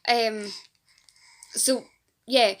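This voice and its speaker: In a slightly high, steady and somewhat bright voice, extremely slow, a Scottish woman from Fife who founded a support group speaks casually to camera. Her appeal rambles, earnest and at times emotional.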